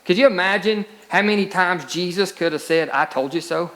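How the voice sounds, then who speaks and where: A man with a fairly high voice preaches a sermon as pastor. He moves between steady scripture reading and emphatic, rising peaks of exhortation. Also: normal speed.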